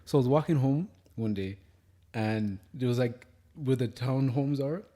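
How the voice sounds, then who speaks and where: A man's voice: medium pitch, measured pace. A young man, co-hosting a casual podcast chat and telling stories with rising animation. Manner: animated storyteller who gets loud and heated. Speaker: podcast co-host.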